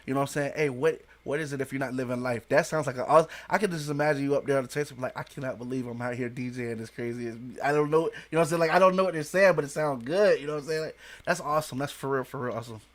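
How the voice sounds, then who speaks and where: A man's voice: a little high, racing, few pauses. A man hosting a podcast interview in casual chat, often restarting sentences and repeating "you know what I'm saying". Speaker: podcast host.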